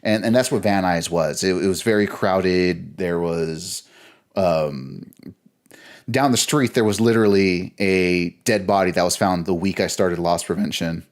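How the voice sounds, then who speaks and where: A man's voice: low voice, measured pace. Man telling a rambling story. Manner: rambling, with many restarts and laughter. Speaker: podcast guest. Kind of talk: casual storytelling.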